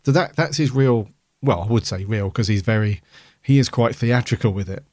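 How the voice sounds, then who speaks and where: A man with a fairly low, darkish voice speaks at a moderate pace as a podcast co-host. It's a casual review chat full of rambling and fillers, recorded in studio quality with no room sound.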